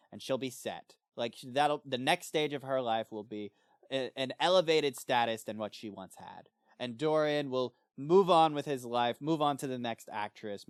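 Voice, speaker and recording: Smooth-voiced man chatting about a book. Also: mid-range voice, no room sound, studio quality. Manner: animated, acts out character lines in jokey voices. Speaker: book club podcast co-host. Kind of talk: casual book discussion.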